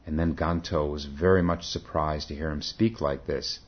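A man, a Zen teacher, telling a story in a dharma talk, pausing often and correcting himself. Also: very deep voice, steady tone. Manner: halting, self-correcting. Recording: dull lo-fi recording.

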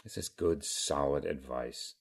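Very deep-voiced, slow, halting Zen teacher. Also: male voice, vocal fry, breathy edge. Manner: halting, measured, frequent pauses and fillers. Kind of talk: dharma talk.

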